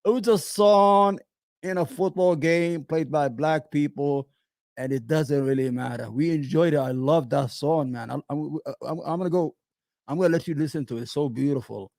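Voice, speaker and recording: A middle-aged New man rants in animated, sarcastic commentary, often tripping over his words. His voice sits a bit high for a man. The sound is close and dry, with no room around it. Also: moderate pace, creaky, no room sound. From New York. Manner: animated, sarcastic, frequent restarts and stammers. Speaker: commentary host reacting to clips. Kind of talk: heated opinion commentary.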